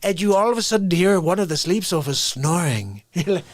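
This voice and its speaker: A man hosts a live stream and rants in an animated, excitable way, breaking off with laughing asides. His voice sits high. The sound is dry and close. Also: fairly quick, no echo. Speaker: livestream host. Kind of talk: comedic live-stream rant.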